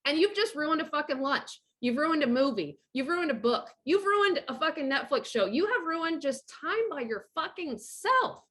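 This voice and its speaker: A middle-aged woman talks straight to camera with a high voice. Her tone is sharp and forceful, and she swears freely. She gives blunt orders as a divorce coach. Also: very animated, moderate pace, hardly any pauses. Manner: blunt, profane and emphatic; bossy, gives direct orders. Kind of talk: casual profane monologue to camera.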